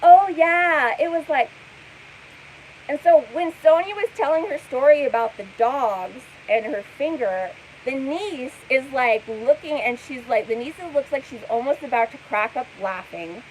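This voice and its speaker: A high-pitched woman talks casually to camera, rambling with lots of "like" and "um." She sounds skeptical and picks apart what she has seen. A faint hiss sits behind her voice. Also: animated, normal speed, hardly any pauses, darkish tone, low-quality recording. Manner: skeptical, rambling, full of fillers. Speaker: commentator. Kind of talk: casual commentary vlog.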